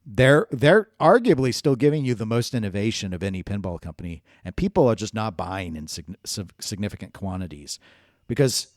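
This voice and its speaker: A man's voice: lowish voice, lively intonation, fairly quick, no room sound, studio quality. A man co-hosting a casual podcast chat, opinionated and analytical, thinking aloud with restarts. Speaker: podcast co-host.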